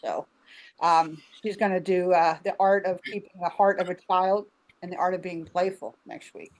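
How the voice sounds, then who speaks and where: A woman's voice: fairly low pitch, fairly even intonation, normal speed. A woman from Arkansas hosting a casual group video call, chatty and laughing, talking with many fillers while sick with covid. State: ill with covid. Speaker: host.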